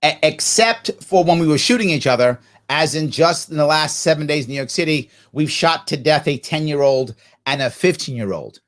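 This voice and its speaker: A man hosts a podcast, reacting to played clips with mocking, sarcastic commentary. His voice is high for a man and bounces animatedly up and down in pitch. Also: expressive, moderate pace, few pauses, a bit bright. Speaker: podcast host.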